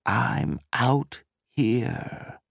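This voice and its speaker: A man's voice: mid-range voice, sing-song, drawn-out words, vocal fry, husky, no echo, clean studio sound, pitched above the performer's own voice, exaggerated voice. A man voicing a lonely, panicking man adrift in space, pleading with a voice that cracks upward. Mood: desperate pleading. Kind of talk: audiobook character voice.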